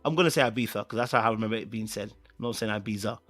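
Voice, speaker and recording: A man's voice: fairly low pitch, very fast, fairly bright tone, soft background music. Rambling British man hosting a chat. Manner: rambling, repeats phrases, many fillers; playfully insistent. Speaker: podcast host. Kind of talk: casual live-stream chat.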